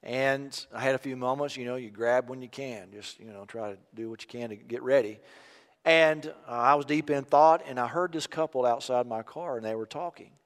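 Impassioned older preacher in a reverberant hall. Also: male voice, mid-range voice, normal speed. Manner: impassioned, rising to loud emphatic peaks. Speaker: pastor. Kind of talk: sermon. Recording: long reverb of a large hall.

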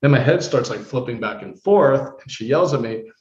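A man's voice: mid-range voice, moderate pace. Man telling a story in a roomy, muffled recording. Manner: animated, acts out quoted voices. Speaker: guest, holistic practitioner. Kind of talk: casual storytelling. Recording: roomy, dull lo-fi sound.

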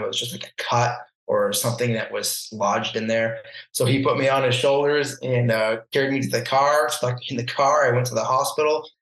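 Man telling a lively story in an echoey room. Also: mid-range voice. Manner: animated, acts out quoted voices, laughs often. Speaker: podcast guest, barefoot water skier. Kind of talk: casual storytelling. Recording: roomy echo.

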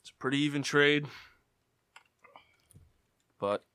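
A man's voice: a little high, takes it slowly, pushed and bright, clean tone, no room sound. A man hosting a casual group podcast, teasing the others in a mock-official way. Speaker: podcast host acting as commissioner.

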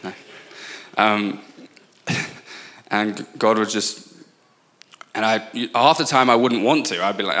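A man in his twenties with an English accent, preaching as a guest speaker, earnest and prone to quick asides and restarts. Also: lowish voice, a bit bright. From England. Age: 20s. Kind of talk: sermon.

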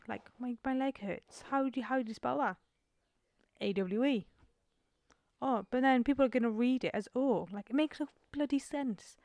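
In her twenties, this podcast co-host chats casually at home, spinning a rambling story that pokes fun at herself while traffic passes outside her open door. She talks a little fast in a slightly high, darkish voice, with no room sound.

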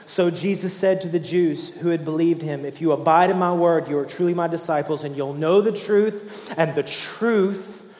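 A man preaching a sermon, emotional, swinging from hushed, slow lines to fervent ones. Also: a little high. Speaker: pastor. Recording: echoey hall, roomy.

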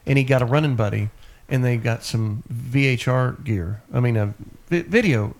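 A man's voice: mid-range voice, normal speed, a little hiss or hum. A man hosting a radio show, joking around in casual, bawdy banter. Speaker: radio host.

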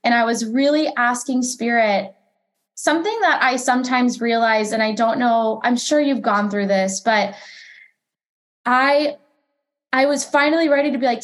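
A woman working as a psychic medium, telling a personal story as a podcast guest in an animated, chatty way, acting out her own remarks. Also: fairly high pitch. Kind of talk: casual storytelling conversation.

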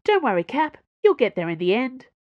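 A woman reads as an eager young engineer in a serialized audio story, her voice pitched up high and bubbling with glee. Each line bounces up and down with excitement, recorded dry and close. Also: brisk, dry recording, highs cut off. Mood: gleeful.

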